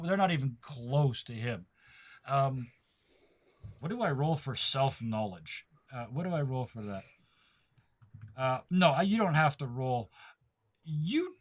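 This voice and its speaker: A man's voice: a little high, lively intonation, measured pace, pauses often. A man narrating a tabletop game as game master, rambling with fillers and frequent laughs.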